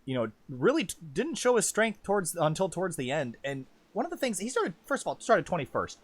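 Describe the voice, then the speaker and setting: A man calling an online truck race as lead commentator, chatty and self-deprecating, jumping up in pitch when the action picks up. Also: huge pitch swings, fairly quick, husky, no echo. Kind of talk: sim racing play-by-play commentary.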